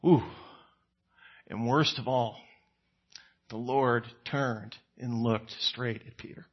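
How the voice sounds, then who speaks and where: A man preaching a conversational sermon, acting out quoted lines with sudden rises in pitch and volume. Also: fairly even intonation, takes it slowly, slightly rough, highs cut off.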